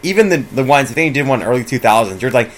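A man co-hosting a comedy podcast, trading quick jokes at a middle pitch. He reminisces about old films and comedians in a casual way. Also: expressive. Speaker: podcast co-host. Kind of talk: casual chat.

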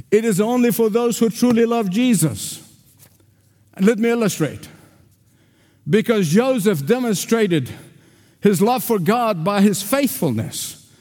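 A man's voice: sits high, darkish tone. An older man preaching a sermon as pastor, emphatic and repetitive, calling out to the congregation for responses. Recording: reverberant hall.

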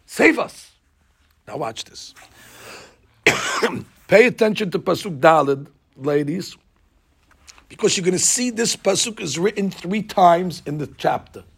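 A man teaching a Bible class, animated and asking the class questions as he explains verses. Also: high-pitched, a little slow, creaky, pauses often, husky. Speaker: Torah teacher.

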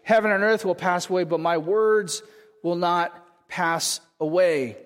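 This pastor from California speaks in a high-sitting, unhurried voice. His sermon has a chatty feel, and he keeps turning to the congregation with "right?" while the sound rings with long hall reverb.

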